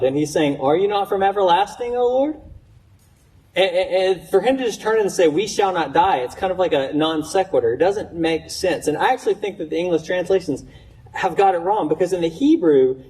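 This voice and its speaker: A pastor preaches to his congregation in a conversational style, his voice sitting high for a man. He stumbles into quick restarts and lifts his pitch when he asks questions. He sounds set back from the microphone in the church. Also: warm tone, far from the mic, rough recording. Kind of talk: sermon. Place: church sanctuary.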